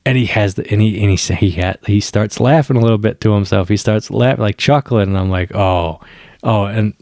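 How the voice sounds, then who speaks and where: A man giving a casual spoken review of a TV episode, excited and rambling, with slang and swearing. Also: on the low side, fairly quick, no room sound, studio quality.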